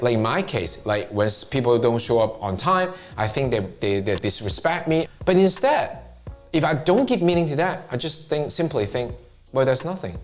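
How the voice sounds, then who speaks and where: Man, Chinese accent, middle-aged, earnest self-help talk, medium pitch, faint music behind. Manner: earnest, repeats himself, asks himself questions. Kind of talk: motivational talk to camera.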